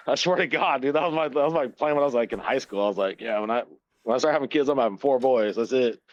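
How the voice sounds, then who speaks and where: A podcast co-host in his thirties loosely retells a story, swearing constantly and laughing often. He talks at a quick pace with a medium-pitched voice. There's no room sound, and the audio is dull, dry and lo-fi.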